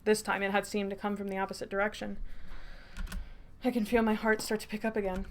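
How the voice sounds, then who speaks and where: A woman's voice: mid-range voice, flat delivery, a little fast, long pauses, a little hiss or hum. Woman streamer reading a game aloud. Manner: joking asides between narration.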